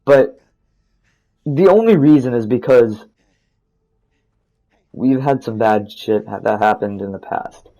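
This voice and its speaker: A teenage boy talks casually over a game, telling a long story. His voice sits at an ordinary middle pitch, and he rambles, swears freely and restarts his sentences as he goes. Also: lively intonation, slow pace, pauses often, dark tone, lo-fi sound. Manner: rambling, profane, restarts often. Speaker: gaming storytime narrator.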